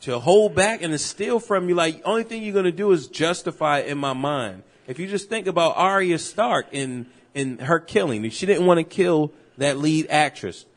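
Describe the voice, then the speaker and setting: A man co-hosting a podcast, telling stories in loose, animated casual chat full of slang and swearing. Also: fairly high pitch, moderate pace, hardly any pauses. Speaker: podcast co-host.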